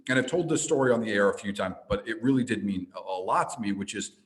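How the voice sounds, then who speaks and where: A man, an entrepreneur and speaker, telling a personal story as a podcast guest, with frequent restarts and animated delivery. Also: on the low side, fast talker, rough recording. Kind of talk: storytelling in a casual interview.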